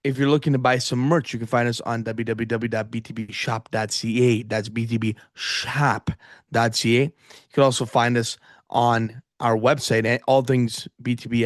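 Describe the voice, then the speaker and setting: Man, podcast host, teasing banter, middle pitch, dead-dry mic. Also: little pitch movement, moderate pace, no echo. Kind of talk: casual sports podcast chat.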